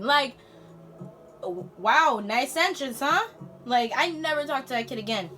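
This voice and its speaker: Bright, slangy teen girl telling a story. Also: high voice, lively intonation, normal speed, faint music behind. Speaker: vlogger. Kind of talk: storytime vlog.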